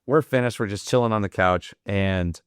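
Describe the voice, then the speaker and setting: A man's voice: fairly low pitch, moderate pace, clean tone, dry recording, studio quality. A young man telling rambling, profane anecdotes in casual podcast talk, laughing often. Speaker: podcast guest, Marine veteran. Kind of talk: casual storytelling.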